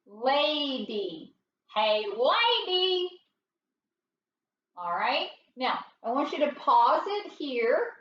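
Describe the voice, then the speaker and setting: Slow, patient high-voiced woman teacher. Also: fairly bright tone, echoey room, distant mic, muffled recording, a little hiss or hum. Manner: slow, patient, sounding out words. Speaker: phonics teacher. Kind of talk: recorded phonics lesson.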